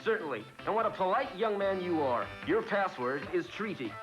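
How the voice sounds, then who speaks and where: A man's voice: sits high, expressive, normal speed, over music, pitched above the performer's own voice. A man doing a chirpy puppet helpline host. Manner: over-polite, then indignant.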